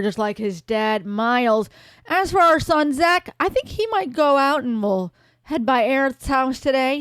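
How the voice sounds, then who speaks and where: A woman's voice: on the high side, dry recording. A woman hosting a life-sim let's play, chatting casually with a wry, playful manner. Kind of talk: casual gameplay commentary.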